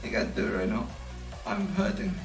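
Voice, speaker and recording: A man's voice: high-pitched, big pitch swings, fairly quick, gravelly, reverberant, over music. A man live-streaming in a brash, boastful, profane way, tired out. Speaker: livestreamer. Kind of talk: casual live-stream chat.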